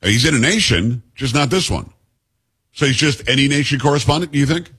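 A man's voice: mid-range voice, expressive, a little fast, fairly bright tone, breathy edge. A man hosting a political talk radio show, delivering an emphatic monologue in short, punchy declarations.

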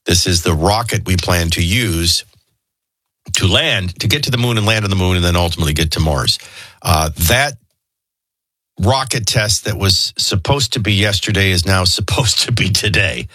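A man's voice: sits low, moderate pace, sharp tone, dry recording. A middle-aged man hosting a radio show, chatting casually and jokingly, moving from news into personal anecdotes. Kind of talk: casual talk radio banter.

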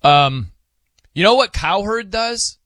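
A man's voice: sits high, slow, no echo. A man hosting a sports radio show in a studio, chatting casually, laughing and telling anecdotes. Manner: lively, laughing, tells anecdotes. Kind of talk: casual on-air banter.

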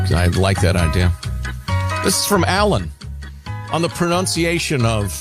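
A middle-aged man hosting a radio talk show, reading listener emails aloud with quick, wry asides. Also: mid-range voice, big pitch swings, over music.

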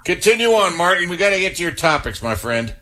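A man's voice: high voice, sing-song, fast, sharp tone. A man hosting a sports call-in show, affable and chatty, often stammering and restarting his sentences. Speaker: sports radio call-in host. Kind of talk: casual call-in chat.

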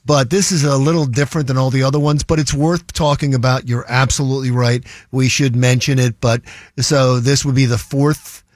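A man's voice: medium pitch, steady tone, moderate pace, darkish tone, no room sound. Male radio co-host, easygoing, rambles, dry close studio sound. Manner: rambling, repeats words, easygoing. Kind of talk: casual talk radio banter. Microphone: studio microphone.

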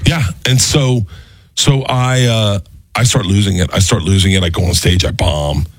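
Husky man telling a comedy story. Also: lowish voice, normal speed, dry recording. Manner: animated, jumps into voices mid-story. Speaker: comedian guest. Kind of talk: storytelling on a podcast.

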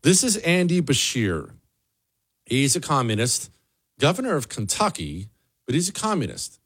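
A man's voice: medium pitch, wildly swooping pitch, normal speed, a bit bright, husky. A man hosting a political commentary show, delivering a sarcastic, emphatic solo monologue with a lot of repetition. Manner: sarcastic, emphatic, repeats for effect.

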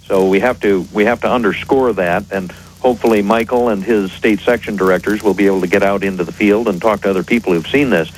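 A man appearing as an expert guest on a radio show, explaining in a measured, precise way. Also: lowish voice, slight background noise, poor audio.

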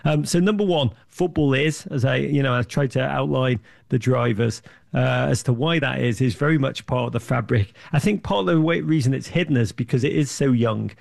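A man, an interview guest, telling lively anecdotes with lots of restarts and fillers. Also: medium pitch, creaky. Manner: enthusiastic storyteller, quick restarts and fillers. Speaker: interview guest, sports media founder. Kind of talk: animated anecdotal interview talk.

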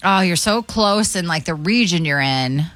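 A woman's voice: fairly low pitch, lively intonation, normal speed, a bit bright, dry recording. A woman hosting a morning radio quiz, upbeat and teasing as she reads out the questions.

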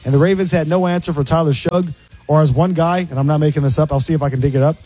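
A man hosting a sports radio show, giving quick, opinionated game analysis. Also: on the high side, fairly even intonation, dark tone, faint music behind.

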